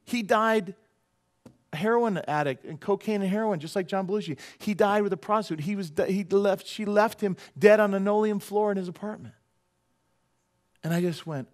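Animated, jokey male pastor preaching. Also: sits high. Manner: animated and conversational, swinging between loud emphasis and quiet asides; jokey, drops into quick playful voices. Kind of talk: sermon.

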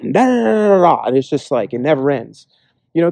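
Earnest man preaching, dark dry voice. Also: sits high, lively intonation, no room sound. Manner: earnest, acts out imagined voices in quick asides. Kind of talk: casual sermon.

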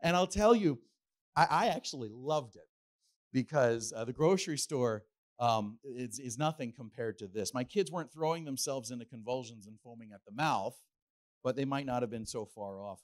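A middle-aged man preaching a sermon as pastor, animated and playful, slipping into acted asides. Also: medium pitch, normal speed.

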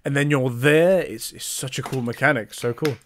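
A man co-hosting a gaming podcast, talking casually and getting excited, swearing now and then. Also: medium pitch, normal speed, slight background noise. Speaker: podcast co-host.

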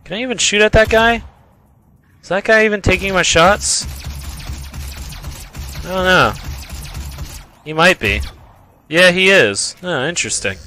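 A man casually commentating his own gameplay, rambling, joking and trash-talking the enemies, often repeating phrases in a drawn-out voice. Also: fairly high pitch, lively intonation, pushed and bright. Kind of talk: casual let's-play commentary.

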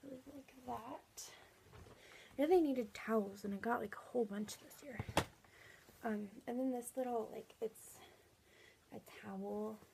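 Young woman, gravelly fry, fairly high voice, rambling casual vlog talk, steady noise behind. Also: a little slow, long pauses. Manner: chatty, rambling with many fillers. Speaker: vlogger.

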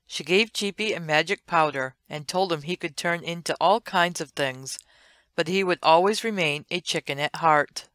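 A woman's voice: lowish voice, moderate pace, fairly bright tone, no room sound, studio quality. Woman reading an old comic aloud. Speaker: storyteller. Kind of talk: read-along storybook narration.

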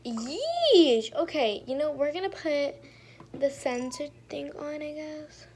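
A woman's voice: sits high, sing-song, slow pace, a little mellow, slight background noise. A young woman casually commentating her own gameplay, sounding exasperated, talking to herself and often trailing off into mumbles. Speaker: gaming streamer.

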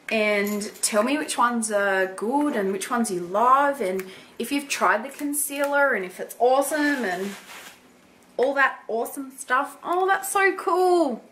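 A young woman excitedly unboxing gifts for her vlog, gasping and gushing with delight. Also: on the high side, a little hiss or hum. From Australia. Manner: gushing, gasping, lots of "oh my God". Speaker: beauty vlogger.

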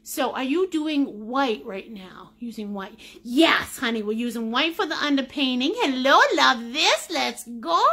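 A woman's voice: sits high, animated, a little slow, creaky, a bit bright. A woman with a Maine accent, teaching a live painting lesson in a chatty, jokey, upbeat way. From United States. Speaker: painting instructor.

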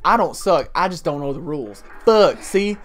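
A man's voice: fairly high pitch, expressive, moderate pace, a bit bright, soft background music. A man co-hosting casual gameplay commentary, swearing and joking with many laughs. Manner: profane, joking, laughs often. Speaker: co-host.

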